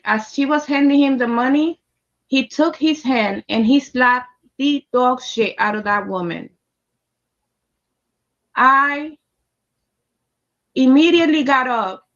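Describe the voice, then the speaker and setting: A woman's voice: high voice, muffled recording. A woman telling a personal story in a casual, emphatic and heated way, with heavy swearing. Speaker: storyteller recounting a personal experience.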